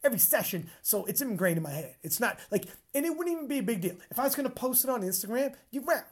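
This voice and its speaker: A woman hosting a casual chat, telling a story in an animated way, swearing freely and acting out her own reactions. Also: a little high, fast talker, husky. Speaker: podcast host and powerlifting commentator.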